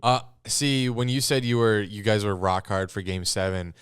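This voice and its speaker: Deep, smooth-voiced man, laid-back. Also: moderate pace, no room sound, studio quality. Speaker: podcast co-host. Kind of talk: casual sports chat.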